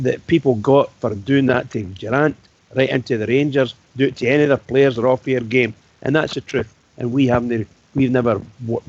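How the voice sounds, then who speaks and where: On a football fan phone-in, a Scottish radio co-host reminisces about old games in a storytelling way. His voice is medium-pitched, a little mellow, with a breathy edge, and the recording has a dry, dull lo-fi radio sound.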